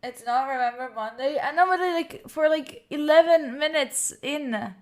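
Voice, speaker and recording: A woman's voice: high voice, normal speed. A young woman from Italy hosting a study livestream, emotionally thanking viewers and close to tears. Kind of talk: casual livestream chat.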